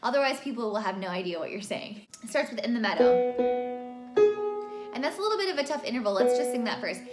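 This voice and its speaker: A woman teaching a singing lesson, explaining vowels clearly and demonstrating them by singing. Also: fairly high pitch, expressive, racing. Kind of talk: vocal lesson with sung examples. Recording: roomy sound with faint music behind.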